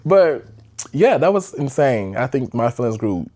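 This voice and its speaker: A young man hosts a podcast and tells a personal story in a casual storytime style. He's chatty and animated, uses lots of fillers, and speaks at a moderate pace in a mid-range voice.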